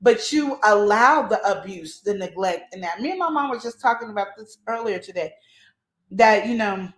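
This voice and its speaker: A woman's voice: mid-range voice, expressive, normal speed, a bit bright. A woman hosting a relationship advice show, talking emphatically and acting out the voices of the people she quotes. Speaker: host. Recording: echoey room.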